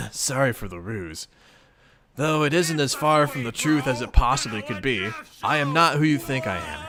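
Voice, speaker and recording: A man's voice: mid-range voice, animated, moderate pace, a crowd in the background, natural voice. A man voicing a sweet, chatty, know-it-all female troll ancestor, reading a webcomic aloud, with precise and properly enunciated speech. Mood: calm, knowing.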